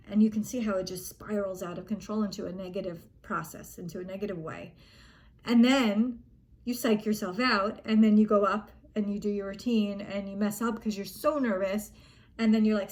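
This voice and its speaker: A woman's voice: medium pitch, normal speed, darkish tone. A young adult woman coaching young gymnasts, speaking casually and earnestly, reassuring them and acting out an athlete's panicked thoughts. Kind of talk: casual spoken coaching advice.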